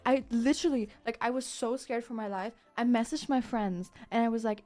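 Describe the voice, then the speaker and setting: This is a young woman from Germany with a German accent, streaming, who recounts a story to her chat in a casual, animated way. Her voice sits a little high, and she acts out quotes and swears freely. Faint music plays behind her. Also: a little fast.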